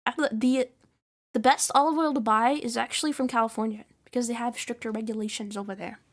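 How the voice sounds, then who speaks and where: Young woman streamer, high voice, profane animated rant, casual chat. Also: fast talker. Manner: profane, animated ranting with frequent laughs.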